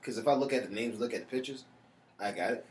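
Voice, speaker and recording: A co-host in a relaxed, animated chat, telling stories and laughing often. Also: medium pitch, quick pace, slight background noise. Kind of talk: casual chat. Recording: roomy echo.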